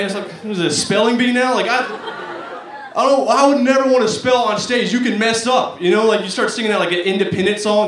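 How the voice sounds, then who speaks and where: High-voiced rambling young male comedian. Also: fairly quick, fairly bright tone. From Arkansas, United States. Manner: rambling, self-mocking, many fillers. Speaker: stand-up comedian. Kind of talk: stand-up comedy set. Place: comedy stage. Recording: echoey room from far, clear noise.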